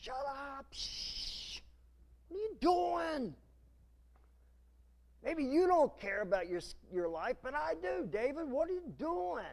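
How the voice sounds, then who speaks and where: A male preacher acting out a panicked follower who urgently hushes his leader in a retold scripture story. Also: very high voice, sing-song, slow, creaky, long pauses, voice pushed up, exaggerated voice. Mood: frantic.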